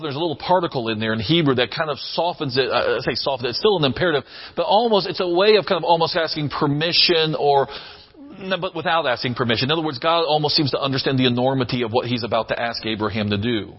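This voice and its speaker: A man's voice: a little high, expressive, fast talker, highs cut off. A man preaching a sermon, earnest and emphatic, repeating phrases for weight. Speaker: pastor.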